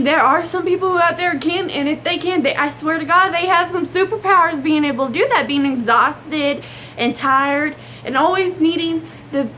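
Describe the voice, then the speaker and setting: A woman's voice: high voice, a bit bright, slight background noise. A young woman, chatting earnestly in a casual advice vlog and saying y'all. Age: young adult. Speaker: vlogger.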